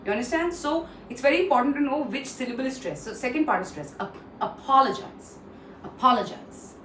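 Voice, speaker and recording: A woman trainer walks through word pronunciations and repeats each one for drill. She pauses often with "uh". Her voice sits slightly off-mic in a roomy space with a faint hiss behind it. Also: high voice, lively intonation, recorded from a distance. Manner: frequent "uh" fillers. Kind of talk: online pronunciation lesson.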